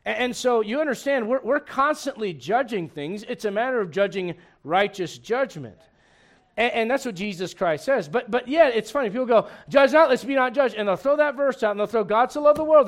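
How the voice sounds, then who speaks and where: A man preaching a sermon as pastor, lively and humorous, full of rhetorical questions to the congregation. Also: high voice.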